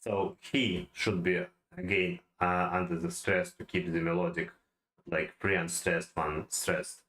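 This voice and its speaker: Brief: man, slow deliberate delivery, low voice, hesitant study-aloud tone. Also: little pitch movement, a bit bright, rough recording. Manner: halting, many fillers and restarts, non-native phrasing. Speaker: self-taught poetry learner. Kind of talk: thinking-aloud study session.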